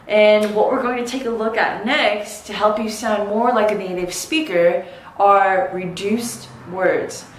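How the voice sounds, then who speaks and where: A woman teaching English pronunciation, saying each example word slowly and clearly. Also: mid-range voice, fairly even intonation. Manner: slow, clearly articulated teaching. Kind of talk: pronunciation lesson. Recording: echoey room, distant mic.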